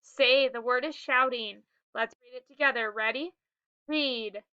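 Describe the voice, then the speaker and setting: A woman teaching a phonics lesson to young children, slowly sounding out words and cueing the class to read and spell along. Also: on the high side, pushed and bright, dry recording, lo-fi sound. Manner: slow, clearly sounded-out words with prompting cues.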